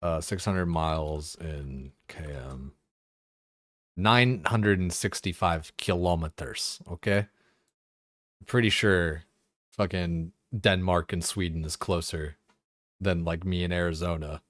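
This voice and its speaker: Low-voiced man rambling while gaming. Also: takes it slowly, a bit bright, no echo, clean studio sound. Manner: rambling, profane, heavy filler words. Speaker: streamer. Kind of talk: casual chat while gaming.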